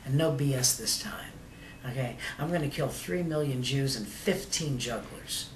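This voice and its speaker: A joke teller voicing a menacing male dictator in a low, quiet, mumbled voice. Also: normal speed, recorded from a distance, a little hiss or hum, lightly acted. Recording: echoey room.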